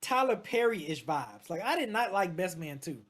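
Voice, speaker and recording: A woman's voice: fairly low pitch, very animated, moderate pace, a crowd in the background. A woman chatting as a guest, telling stories in an emphatic, profane way. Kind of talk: casual chat.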